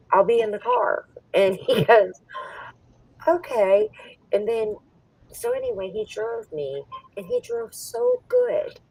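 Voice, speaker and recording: A woman's voice: medium pitch, creaky, a little mellow, husky, no room sound, distant mic, poor audio. A middle-aged woman telling stories in casual chat, laughing often as she talks. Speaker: poker stream co-host.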